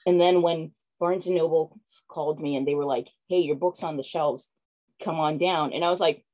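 A woman picture book author, a guest on an interview, telling stories in an excited, animated way with lots of fillers. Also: lowish voice, moderate pace, rough recording. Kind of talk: casual video-call interview.

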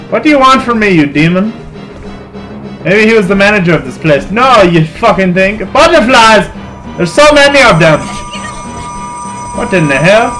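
A young man commenting on a video game he is playing, swearing and yelling at it in an irritable mood. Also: high voice, moderate pace, soft background music. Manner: excitable, swearing, shouting at the game. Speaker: gaming channel host. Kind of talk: casual let's-play commentary.

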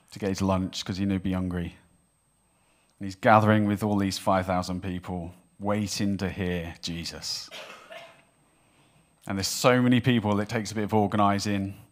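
A man with a low, deep voice preaches a sermon to his church. He tells the Bible story in an animated way and acts out the voices of the people in it. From Wales. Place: church hall with congregation.

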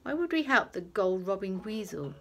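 A woman's voice: mid-range voice, expressive, moderate pace, fairly bright tone. A woman doing a scornful schoolboy. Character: scornful schoolboy, panting from rowing.

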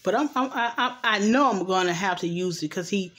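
A young adult woman who vlogs TV recaps chats loosely and ramblingly at home at night, summarizing an episode and often saying "anywho." Her medium-pitched voice is fairly bright and a little fast, recorded on a camera mic.

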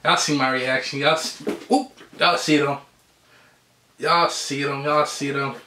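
A man's voice: medium pitch, fairly even intonation, unhurried, bright, forceful tone, reverberant, slight background noise. A sneaker vlogger man ranting casually in slang, repeating himself as he shows a shoe. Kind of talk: casual unboxing rant.

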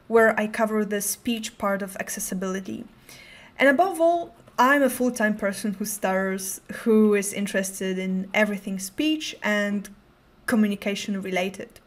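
A young adult woman with a mid-range voice delivers a prepared conference talk. She speaks in a careful, controlled way, occasionally stuttering on sounds.

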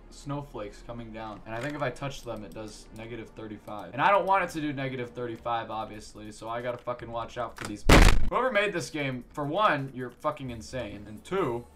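A man's voice: mid-range voice, a bit bright. A man giving profane, exasperated gameplay commentary, breaking into sudden yelps and curses. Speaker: gaming streamer. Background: game music and keyboard clicks.

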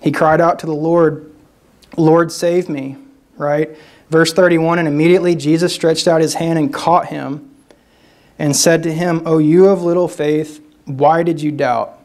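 A man's voice: fairly high pitch, a little mellow. A man giving a sermon as a guest speaker, talking conversationally, often restarting phrases and checking in with the listeners. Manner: conversational preaching with frequent "right?" tags and restarts.

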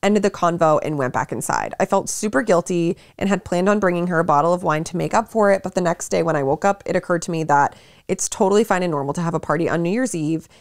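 A woman's voice: fairly low pitch, quick pace, no room sound, clean studio sound. A young woman co-hosting a podcast, chatting casually and reading a listener's post aloud. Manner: animated, laughing often, lots of likes. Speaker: podcast co-host.

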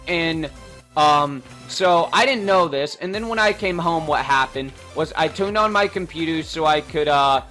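A man's voice: on the high side, a bit bright. A teenage boy casually talking over his gameplay, rambling with lots of fillers and restarts. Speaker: gaming channel host. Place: bedroom at home.

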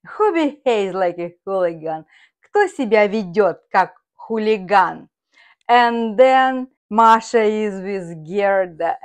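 Woman, language teacher, unhurried and careful, steady middle pitch. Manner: slow, careful explanations. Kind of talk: explaining words.

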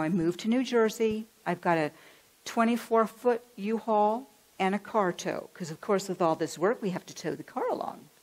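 A woman minister from California giving a sermon, telling a personal story with lively acted-out voices. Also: medium pitch, low-quality recording. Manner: animated, acts out voices in her stories. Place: church.

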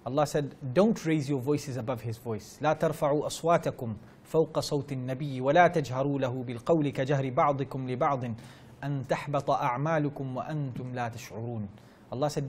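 A man's voice: fairly high pitch, darkish tone, breathy edge. A man teaching at a religious gathering, telling stories earnestly, repeating key phrases, and reciting Arabic verses fluently in a religious lecture. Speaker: Islamic teacher giving a talk.

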